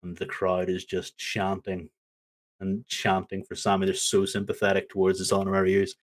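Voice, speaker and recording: A man's voice: low-pitched, completely flat delivery, moderate pace. A man hosting a podcast, animatedly recapping a wrestling segment and acting out the lines he quotes. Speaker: podcast host.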